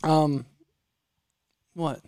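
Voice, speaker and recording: A man with a Southern American accent telling stories in casual podcast chat, animated and rambling with frequent restarts. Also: on the high side, extremely slow, smooth, no room sound. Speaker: podcast guest storyteller.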